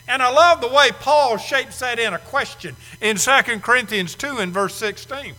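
A man in his sixties preaches in an echoey hall, his very high voice pushed and bright as he speaks at a moderate pace with few pauses. He drags out key words for heavy stress and keeps firing rhetorical questions at the congregation.

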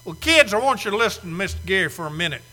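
A man's voice: high voice, big pitch swings, rapid-fire, pushed and bright, soft background music. A man in his sixties preaching a sermon, putting heavy stress on key words by drawing them out and firing rhetorical questions at the congregation. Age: 60s. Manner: asks the audience rhetorical questions. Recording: echoey hall.

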